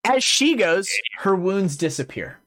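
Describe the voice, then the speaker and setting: A man's voice: high-pitched, sing-song, measured pace, a bit bright. A man narrating and running a tabletop fantasy game as game master, in a casual way with many fillers.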